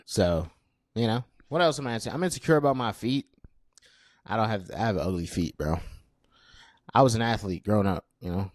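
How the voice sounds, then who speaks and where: A man's voice: fairly low pitch, fairly quick, long pauses, no echo, clean studio sound. A young man in his twenties hosting a casual solo podcast, chatty and self-deprecating with lots of fillers. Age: 20s. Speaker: podcast host.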